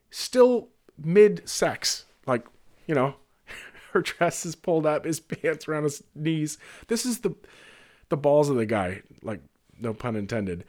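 A man's voice: fairly high pitch, a little mellow. Man telling rambling bar stories. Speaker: bartender. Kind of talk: casual anecdotal storytelling.

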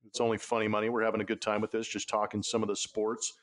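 A man's voice: fairly low pitch, completely flat delivery, fast talker. A man hosting a sports podcast, talking in a casual, jokey, easygoing way. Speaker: podcast host.

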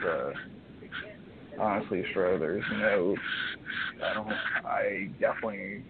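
A hoarse man calling in to a show, talking in halting, rambling stretches full of restarts. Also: low voice. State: hoarse, frog in his throat. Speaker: caller. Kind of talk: phone-in chat. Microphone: phone. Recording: noisy phone line.

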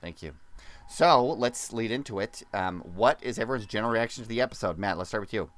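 A man's voice: lowish voice, lively intonation, fairly quick, a bit bright. A man hosting a casual podcast chat, upbeat and leading the discussion. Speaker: podcast host.

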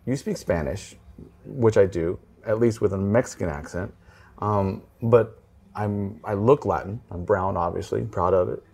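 A man's voice: fairly low pitch, steady tone, moderate pace, gravelly, a little mellow, slightly rough. A man from Texas with a Texan American accent, a podcast guest chatting casually and joking with many fillers.

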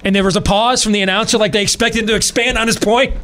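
A man with a fairly high voice hosts a podcast and talks in a lively, animated way. He circles back over his own phrases and builds each point through sports and battle analogies. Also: fast talker. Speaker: podcast host. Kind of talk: casual podcast talk.

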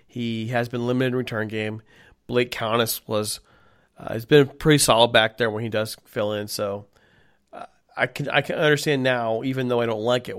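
A man co-hosting a sports podcast, talking in an animated, casual way and laughing easily. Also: mid-range voice. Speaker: podcast co-host.

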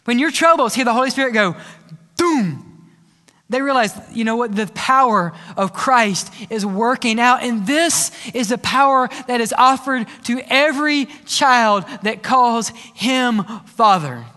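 A man preaching a sermon as pastor, telling stories in a lively way, with playful sound effects and asides. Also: very high-pitched, a little slow, few pauses. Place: church sanctuary. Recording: church hall reverb.

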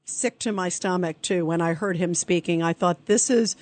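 A woman's voice: fairly low pitch, moderate pace, darkish tone, no room sound. A woman hosting a call-in radio show, giving indignant, sharply critical commentary into a close studio mic. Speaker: radio talk show host.

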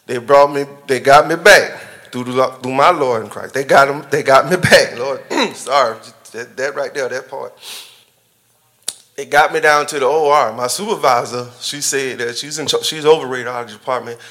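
Bright-voiced man sharing a church testimony. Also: medium pitch, normal speed. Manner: conversational and colloquial, chuckling often, addressing the congregation directly. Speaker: church member giving a testimony. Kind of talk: personal testimony storytelling.

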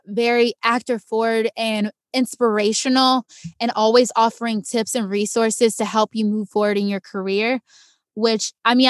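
A woman's voice: a little high, no echo, clean studio sound. A young adult woman, an actor, talking casually as an interview guest and bringing her stories to life by acting out quoted voices. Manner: animated storyteller, acts out quoted voices.

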